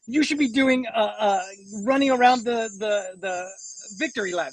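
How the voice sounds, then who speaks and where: A man's voice: high-pitched, a little fast, a bit bright, poor audio. A man co-hosting a casual podcast, rambling with many restarts and fillers. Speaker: co-host.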